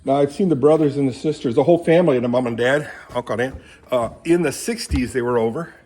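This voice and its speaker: With a mellow, medium-pitched voice and a quick pace, an older vlogger from Michigan rambles casually, full of fillers, while speaking to his animals around his home and horse stalls. The handheld phone recording carries slight background noise.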